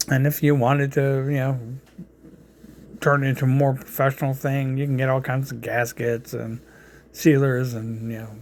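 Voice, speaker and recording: A man's voice: mid-range voice, darkish tone, slight background noise. A man with a New York accent hosting a casual cooking vlog, rambling with plenty of fillers and restarts. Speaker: cooking channel host.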